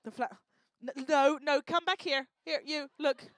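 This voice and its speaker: A woman doing lively, teasing crowd work on a live talk stage, speaking into a handheld microphone. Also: high-pitched, no room sound. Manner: energetic, teasing, bossy and quick to joke. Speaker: stage performer working the crowd.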